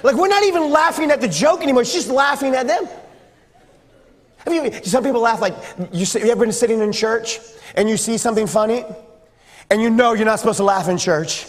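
High-voiced playful preacher in a reverberant church. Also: male voice, lively intonation, a little fast. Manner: playful, joking, acts out sounds. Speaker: pastor. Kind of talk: sermon to a youth group. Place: church sanctuary.

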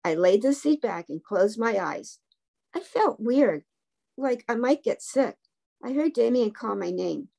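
A woman reading a children's story aloud for a book club, gently voicing the characters' lines. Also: fairly high pitch, expressive, measured pace, vocal fry. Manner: gently voices the characters' dialogue.

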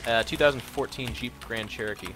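A man co-hosting a relaxed gaming podcast, his voice bright and forward. He delivers even his jokes in a flat, matter-of-fact way, with plenty of ums and easy banter. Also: mid-range voice, fairly quick, a little hiss or hum. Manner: deadpan joking, matter-of-fact. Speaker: co-host. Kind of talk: casual gaming podcast chat.

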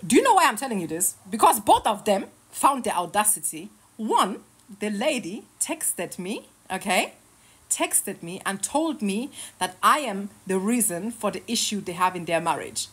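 A woman's voice: mid-range voice, sing-song, moderate pace, husky. Sarcastic, heated woman in her thirties ranting. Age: 30s. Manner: sarcastic, heated, swearing, laughing between jabs. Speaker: online creator. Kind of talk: casual rant to camera. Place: lying in her bed at home.

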